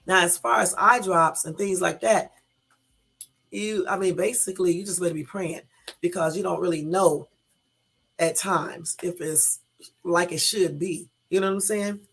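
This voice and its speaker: A woman's voice: on the low side, steady tone, normal speed, creaky, a bit bright, breathy edge. A woman hosting a casual live stream, reading out news and talking straight to her viewers with emphatic, exasperated asides. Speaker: YouTube live-stream host. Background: faint background music.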